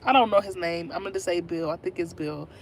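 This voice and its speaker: A woman's voice: fairly low pitch, fast talker, a little hiss or hum. A woman in her twenties, chatting casually on a livestream and telling her viewers a story. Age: 20s. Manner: chatty, talks straight to viewers. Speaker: livestream host.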